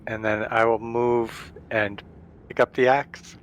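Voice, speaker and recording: A man playing a tabletop game, speaking slowly and deliberately. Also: mid-range voice, flat delivery, rough recording. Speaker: player. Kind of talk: casual game chat.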